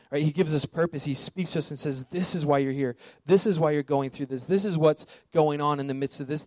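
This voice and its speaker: A man's voice: a little high, a little mellow, dry recording. A man preaching a sermon in a conversational way, often asking rhetorical questions and checking in with "right?". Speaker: pastor.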